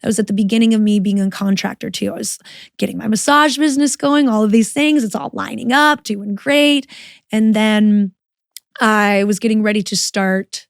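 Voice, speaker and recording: A woman's voice: medium pitch, moderate pace, vocal fry, dry recording. Candid woman telling her story, dry sound. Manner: frank and profane, animated retelling with quoted inner voice. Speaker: podcast guest.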